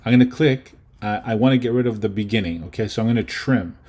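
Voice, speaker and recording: A man's voice: lowish voice, quick pace, darkish tone. A man teaching a casual lesson on video editing, chatty and often checking in with his students. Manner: chatty, checks in with okay and right.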